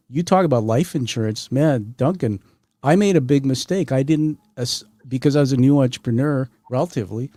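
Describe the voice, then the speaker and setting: A man with a mellow, warm voice hosts a conversational podcast interview. He is middle-aged, energetic and a little rambling, and he often speaks straight to his audience. The sound is dry and close, with no room around it. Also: medium pitch, no room sound. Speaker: podcast host.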